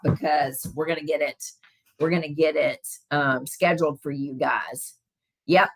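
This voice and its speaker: Low-voiced Southern woman chatting live. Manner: chatty, answers comments, many fillers. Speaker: wellness live-stream host. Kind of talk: casual live-stream chat with viewers.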